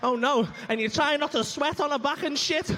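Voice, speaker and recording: Man, very high voice, crude ranting stand-up, comedy club stage. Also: brisk, pushed and bright.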